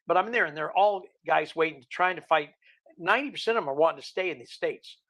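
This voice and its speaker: A middle-aged man spins a wry, rambling anecdote in a casual tone. His voice sits a little high and carries a gravelly fry. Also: animated, fast, fairly bright tone. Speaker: guest. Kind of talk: casual storytelling.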